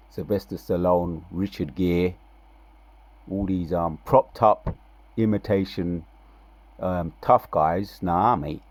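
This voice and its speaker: Man, very deep gravelly voice, casual preacher reading scripture with heavy emphasis, laid-back slangy asides. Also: dry recording. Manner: reads scripture with loud, drawn-out emphasis. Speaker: religious video preacher.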